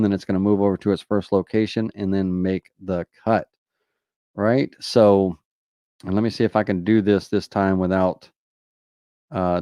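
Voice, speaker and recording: Lowish Southern man, casual live tutorial. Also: gravelly, dark tone, no echo, clean studio sound. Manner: casual, many fillers like "uh" and "you know". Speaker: host answering viewer questions.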